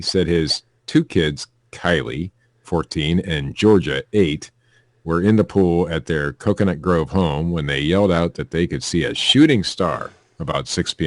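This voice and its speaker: A man with a very low voice co-hosts a loose, comedic podcast, reading odd news stories aloud and breaking off for asides. The sound is dry and close to the mic. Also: lively intonation, unhurried, dry recording. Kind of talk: casual comedic news chat.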